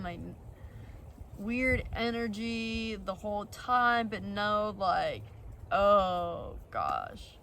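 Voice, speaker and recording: A woman's voice: mid-range voice, a bit bright, recorded from a distance, slight background noise, poor audio. A young woman vlogger telling a personal story in a rambling, blunt way, full of fillers and the odd swear. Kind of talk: casual storytelling.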